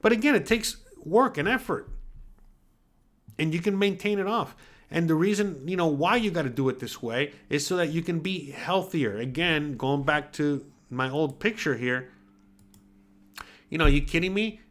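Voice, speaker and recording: A man's voice: on the high side, normal speed. A man in his forties hosting his own show, talking bluntly and casually with lots of swearing and filler tags. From United States. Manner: blunt, profane, animated with filler tags like "all right?". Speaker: podcast host. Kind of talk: casual livestream talk reading chat comments.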